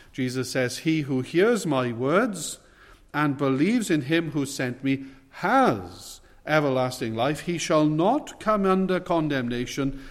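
Earnest preacher in a reverberant hall. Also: male voice, a little high. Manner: measured, earnest, emphatic on key words. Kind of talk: expository sermon.

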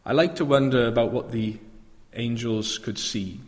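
A man's voice: mid-range voice, normal speed, big-room sound. A male preacher giving an earnest sermon that rises to fervent proclamation.

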